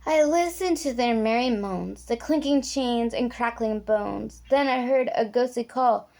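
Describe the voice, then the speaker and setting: A woman's voice: a little high, a little slow, gravelly, darkish tone. A woman reading a rhyming picture book aloud in a sing-song, playful way. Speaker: storybook reader.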